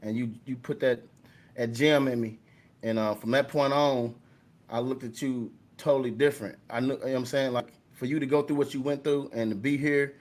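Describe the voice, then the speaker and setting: A man co-hosting a casual chat show, animated and slangy as he hypes up the guest. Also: mid-range voice, a little fast. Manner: animated, hyping others up, slangy.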